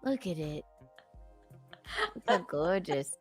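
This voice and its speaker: A woman hosting a casual live stream chat, talking in an animated, giggly way and swearing freely. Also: sits low, takes it slowly, breathy edge, faint music behind. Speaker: livestream host.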